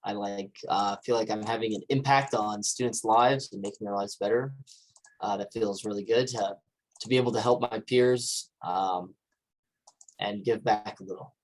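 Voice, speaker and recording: A man's voice: on the low side, poor audio. A man in student government giving candid, self-deprecating answers with many fillers. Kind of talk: casual panel answer.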